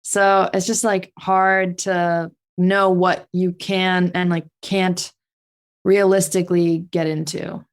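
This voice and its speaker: A woman's voice: lowish voice, flat delivery, slow, clean tone. A young woman, a dancer, asking a guest a question in a casual interview, hesitant and filling her speech with "like". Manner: hesitant, full of "like" fillers.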